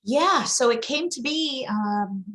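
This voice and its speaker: A woman's voice: high-pitched, expressive, takes it slowly, a bit bright. A woman who is a copywriter and coach, a guest on a podcast, talking frankly and energetically with casual swearing.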